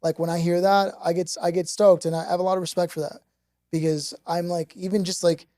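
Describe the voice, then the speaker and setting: A woman's voice: lowish voice, flat delivery, a little fast, dark tone, dry recording. A woman hosting a studio podcast in casual chat, encouraging the guest and saying yeah and you know often. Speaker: podcast host.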